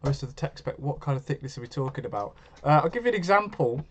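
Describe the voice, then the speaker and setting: A man's voice: medium pitch, animated, quick pace, muffled recording. Chatty man hosting a live stream. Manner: chatty, reads and answers viewer comments. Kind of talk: casual live stream chat.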